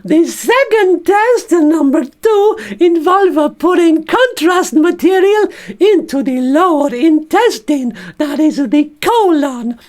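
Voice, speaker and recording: A man putting on a squeaky puppet surgeon. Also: full character voice. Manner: high squeaky put-on voice, slow careful delivery. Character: cheeky stoma-bag puppet playing a female surgeon.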